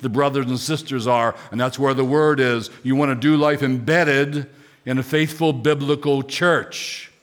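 A man's voice: mid-range voice, a bit bright. A man pastor from Pennsylvania preaching a sermon with emphatic lists and rhetorical questions. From Pennsylvania, United States.

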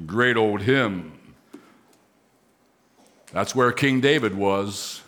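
A man preaching a sermon, moving between quiet, conversational asides and raised, emphatic declarations. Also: on the low side, very slow, long pauses. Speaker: pastor.

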